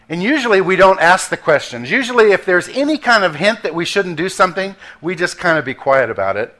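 A man delivers a sermon with an easy, conversational touch, dropping into quick acted asides. His voice sits a little higher than most men's. He slows right down to land his key points. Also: sing-song, pushed and bright. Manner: conversational preaching with acted asides and slowed emphasis. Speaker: pastor.

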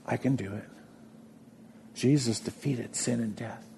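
A man preaching a sermon, earnest, often dropping to a soft murmur for emphasis. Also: medium pitch, fairly even intonation, a little slow, creaky, a little hiss or hum. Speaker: pastor.

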